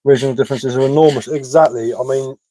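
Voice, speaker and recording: A man's voice: medium pitch, steady tone, fast talker, warm tone, dry recording, poor audio. A man with a mixed West Sussex and London accent, chatting casually on a live stream and answering viewers' comments. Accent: West Sussex English mixed with London. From England. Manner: chatty, matter-of-fact, repeats words and says um often. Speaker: live-stream host, woodcarver.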